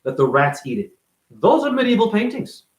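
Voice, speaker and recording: A man with a fairly high voice preaches at the listener in a profane, confrontational rant. His pitch swings widely as he fires off one rhetorical question after another. The recording has a roomy echo. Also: big pitch swings, normal speed. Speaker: self-styled spiritual teacher. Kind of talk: ranting monologue to camera.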